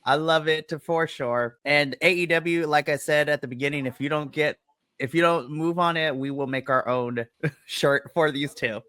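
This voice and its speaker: A man co-hosting a wrestling podcast, recapping the show in a playful, animated way and acting out quotes. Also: fairly high pitch, normal speed, clean tone, dry recording, clean studio sound. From US West Coast. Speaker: podcast co-host. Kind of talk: casual chat, wrestling review. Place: home.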